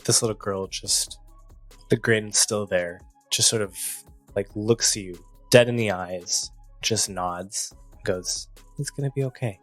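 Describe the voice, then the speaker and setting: A man's voice: lowish voice, steady tone, takes it slowly, fairly bright tone, faint music behind. A man narrating a tabletop game as game master, loose and full of fillers.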